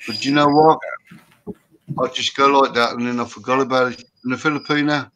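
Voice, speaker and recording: Man, bright voice, rambling, joking, tired. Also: mid-range voice, steady tone, a little fast, a little hiss or hum. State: tired after a sleepless night. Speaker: livestream guest. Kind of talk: casual chat.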